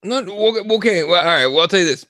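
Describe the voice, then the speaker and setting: A young man co-hosting a podcast, talking casually in an animated, profane way and acting out quotes. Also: high-pitched, quick pace, no echo. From Mexico. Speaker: podcast co-host. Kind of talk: casual opinion chat.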